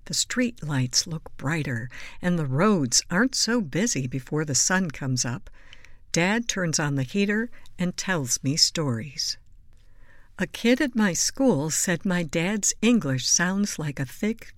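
A woman reading children's picture books aloud in a gentle, soothing storybook voice, sometimes dropping to a whisper. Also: lowish voice, no echo. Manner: soft, slow and soothing, dropping to a whisper at times. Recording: dry close mic with faint music behind.

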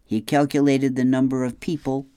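Woman narrator for an audiobook: low-pitched, unhurried, dry close recording. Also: level tone, warm tone, dry recording. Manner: measured, unhurried.

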